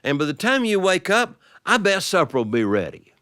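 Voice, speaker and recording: A man's voice: high-pitched, very animated, normal speed, fairly bright tone, no room sound, clean studio sound, pitched above the performer's own voice. A man voicing a kindly old grandmother in a told story, speaking in a raised, sing-song voice.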